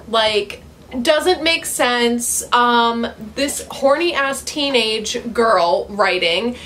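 A woman with a fairly high voice rants about a book from home, swearing freely and breaking into laughter. Her talk is exasperated and animated, a casual vlog rant. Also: a little hiss or hum. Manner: exasperated, profane, laughing ranting. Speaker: book reviewer. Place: at home, dog nearby.

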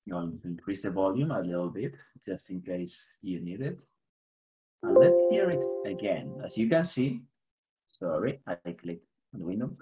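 A man's voice: deep voice, expressive, normal speed, warm tone, breathy edge, lo-fi sound, faint music behind. A man from Spain, a native Spanish speaker with a Spanish accent, teaching an online English class, mixing both languages and chuckling now and then. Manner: switches between English and Spanish, chuckles often, light humor.

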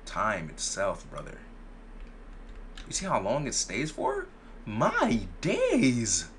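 A man's voice: on the low side, huge pitch swings, slow pace, pushed and bright, slight background noise. A young man giving casual gameplay commentary, playful and boastful, full of slang and repeated phrases. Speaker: gaming YouTuber.

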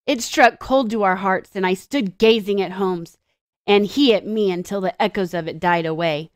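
A woman teacher reading a story aloud to children and explaining it, with expressive storytelling and dramatic pauses. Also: medium pitch, no echo, studio quality.

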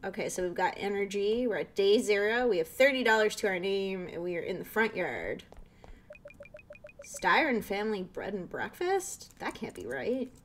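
A woman's voice: medium pitch, sing-song, moderate pace. A young woman playing a video game, chatting casually and reading the on-screen text aloud. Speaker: let's play host.

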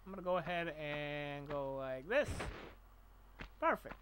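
A man's voice: a little high, lively intonation, unhurried, noisy background. A man streaming a video game, joking and talking to himself as he plays. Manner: jokey, talks to himself, does voices. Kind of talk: casual gameplay commentary.

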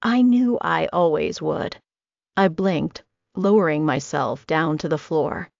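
A woman's voice: deep voice, slow pace, creaky, darkish tone, dry recording. A woman narrating a first-person romance audiobook in a wry, confiding manner. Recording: dull lo-fi recording.

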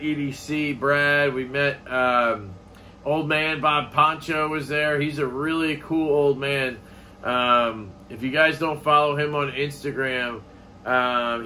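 A man's voice: a little high, bright, forceful tone, a little hiss or hum. A man vlogging in a casual, rambling way, swearing offhandedly as he chats. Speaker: knife collecting vlogger. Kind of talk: casual chat.

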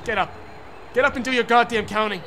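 A young man streaming a wrestling game, frustrated and profane, yelling at the referee between muttered plans. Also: extremely high pitch, fairly quick, crowd noise. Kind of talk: gaming commentary.

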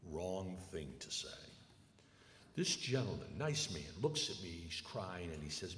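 An older male lecturer tells stories with emphasis, his pitch swinging widely and his pace slow and deliberate. The sound is echoey, with a long hall reverb. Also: very animated, a bit bright, a little hiss or hum. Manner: emphatic storytelling with acted quotes. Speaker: lecturer, attorney. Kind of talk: public lecture.

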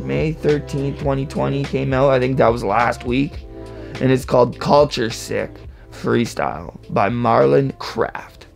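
Excitable man reacting to a rap song. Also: mid-range voice, creaky. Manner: excitable, hypes bars with whoops and laughs. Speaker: reaction video host. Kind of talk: casual reaction commentary.

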